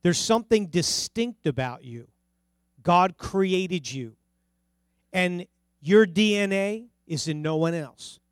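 Earnest New Jersey preacher, dry close sound. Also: male voice, high voice, lively intonation, slow pace, clean tone, no echo. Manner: earnest storytelling with emphatic repeated phrases. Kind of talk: sermon.

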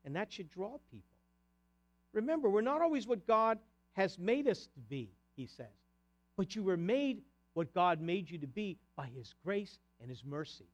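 A man preaching a sermon to his congregation, swinging between loud declarations and soft conversational asides. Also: high voice, sing-song, normal speed. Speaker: pastor.

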